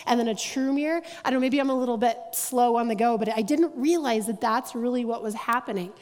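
Delivering the message for her church, a staff member speaks in a fairly high, slightly mellow voice. She's conversational and self-deprecating, dropping brief asides into her stories, and the large auditorium lends a long reverb.

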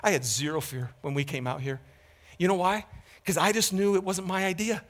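A man preaching a sermon as pastor, candid and conversational, swinging from loud emphatic peaks to hushed moments. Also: sits high, steady tone, a little fast.

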